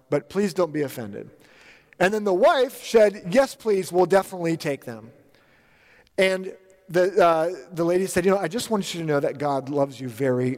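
A man's voice: high-pitched, long reverb tail. A male pastor preaching a sermon, telling a story in an earnest, direct way to his congregation in a church. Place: church sanctuary.

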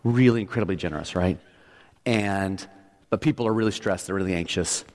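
A man's voice: low voice, fairly quick. A middle-aged male pastor preaching a sermon, telling a story with restarts and building to emphatic points. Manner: storytelling, often restarts, rises to emphatic peaks. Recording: long hall reverb.

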